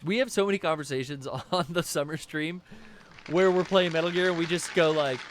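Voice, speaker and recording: A man co-hosting a live game stream, talking in a slightly high voice. He is excitable and profane, joking his way through the play, and a faint hiss sits under his voice. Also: brisk. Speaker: streamer co-host. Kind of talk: casual gameplay commentary.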